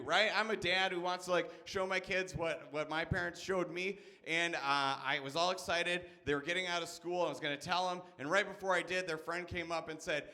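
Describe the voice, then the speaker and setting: High, bright-voiced exasperated comedian man. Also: moderate pace, hardly any pauses. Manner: exasperated, profane ranting with punchy asides; frequent "okay?" and "all right?" tags. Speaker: stand-up comedian. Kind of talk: stand-up comedy set.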